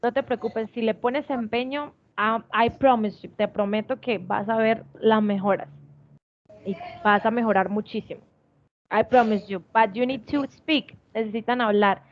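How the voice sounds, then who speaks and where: A woman's voice: on the high side, fairly even intonation, moderate pace, highs cut off. A woman teaching an online English class, encouraging her students and switching between English and Spanish. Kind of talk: bilingual online class instruction. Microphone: video call.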